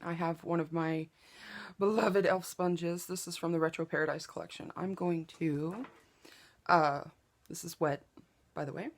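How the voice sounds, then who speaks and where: A woman chatting through a makeup tutorial, joking at her own expense and slipping into whispers as she applies products. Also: lowish voice. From Southeast Oklahoma, US. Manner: chatty and self-joking, drops to a whisper while applying products. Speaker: beauty vlogger. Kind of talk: casual makeup tutorial chat. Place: home makeup table with window open.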